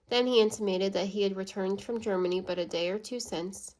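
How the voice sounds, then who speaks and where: The clip features a woman narrating a classic novel for an audiobook, her mid-range voice carrying the tale in a calm, measured way.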